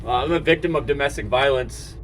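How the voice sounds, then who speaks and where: A man filming himself at a shelter door, speaking haltingly and repeating words, then venting with growing agitation. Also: mid-range voice, a bit bright, a little hiss or hum. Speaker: person seeking shelter. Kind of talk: filmed confrontation and venting.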